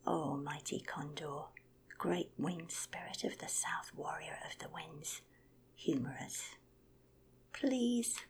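A woman's voice: low-pitched, measured pace, vocal fry, exaggerated voice. A woman whispering as a tiny coaxing hummingbird. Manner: coaxing, flattering. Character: tiny sweet-tongued female hummingbird.

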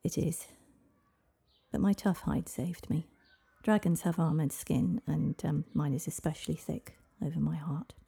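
A woman voicing an ancient, lonely male dragon who talks in a dry, world-weary way, in a husky storybook reading. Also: deep voice, steady tone, measured pace, dark tone, full character voice. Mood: rueful.

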